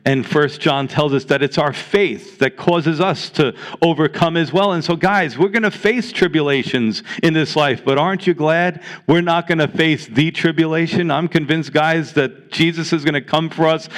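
An earnest male pastor preaching from the pulpit, leaning into each line of scripture. His voice sits a touch on the high side and presses the listener to take heart. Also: a bit bright. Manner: earnest, exhorting, reads scripture aloud. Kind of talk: sermon.

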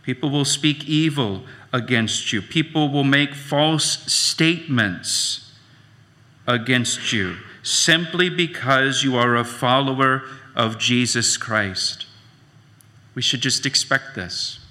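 A man preaching a sermon as pastor, slow and emphatic, repeating his key phrases. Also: medium pitch, pushed and bright, big-room sound.

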